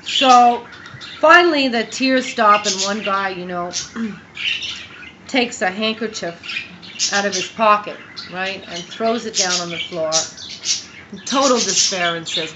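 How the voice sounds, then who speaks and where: A woman rambles through a joke in a loose, animated way, laughing as she goes. The recording is dull and lo-fi, with steady noise underneath. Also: on the high side, measured pace. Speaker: joke teller. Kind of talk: casual joke telling.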